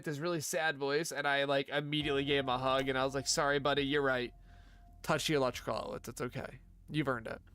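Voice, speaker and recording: A man's voice: a little high, a bit bright, smooth, dry recording. A young man chatting casually while streaming a game, rambling with lots of asides. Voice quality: rambling, full of fillers and asides. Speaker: livestreamer. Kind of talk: casual chat while gaming.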